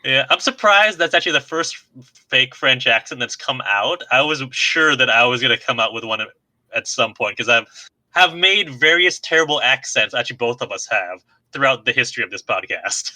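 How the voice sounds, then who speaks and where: Podcast co-host, male, very bright tone, giggly and self-mocking. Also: medium pitch, animated, normal speed, poor audio. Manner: chatty, laughs often, self-deprecating. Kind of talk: casual podcast chat.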